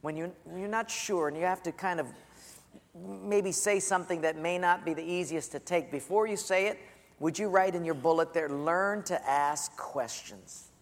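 A man's voice: sits high, normal speed, vocal fry. Man preaching in a reverberant hall. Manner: storytelling, drops to a soft hush for quotes. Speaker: pastor. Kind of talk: sermon.

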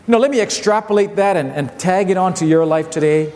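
A man in his fifties preaching a sermon as a pastor, telling stories with animated repetition and acting out his family's voices. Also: on the high side, a little fast, few pauses. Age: 50s. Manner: animated storytelling, repeats phrases, acts out family voices. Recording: long hall reverb.

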